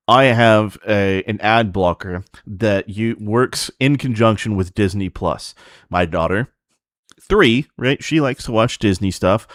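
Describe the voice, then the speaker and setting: Profane ranting man, low dry voice. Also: no echo. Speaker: streamer host. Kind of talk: casual livestream rant.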